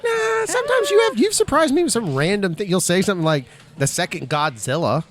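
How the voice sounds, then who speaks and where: A man's voice: sits high, sing-song, a little fast. A man co-hosting a podcast, chatting casually about movies with enthusiastic, joking and emphatic opinions. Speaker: podcast co-host.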